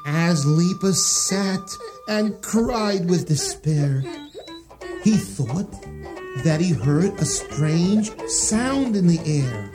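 A man narrating a rhyming children's story in a sing-song, expressive way. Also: high-pitched, very slow. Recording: music playing behind.

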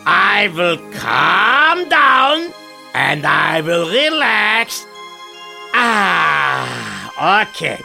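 A man's voice: high voice, big pitch swings, creaky, bright, forceful tone, soft background music, heavily acted. A man doing a stammering, frantic jewelry store owner. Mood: frantic rush. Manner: stammering, panicky, rushing his words. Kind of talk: comedy sketch acting.

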